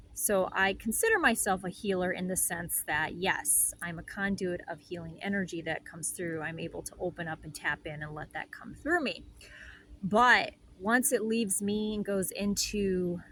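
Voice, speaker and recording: A woman hosting a reflective inspirational talk as a spiritual healer, soft, meandering and heartfelt. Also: fairly low pitch, slight background noise, low-quality recording.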